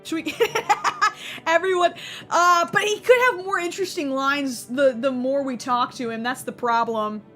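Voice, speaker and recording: A woman giving sarcastic, excitable gaming commentary as she plays, swearing casually. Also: sits high, unhurried, faint music behind. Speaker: gaming streamer.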